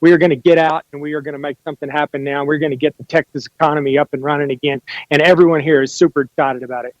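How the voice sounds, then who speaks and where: A man being interviewed on the radio as a guest, answering in a fast, assertive way over a remote line. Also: a little high, steady tone, no echo, highs cut off. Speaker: guest, congressional candidate.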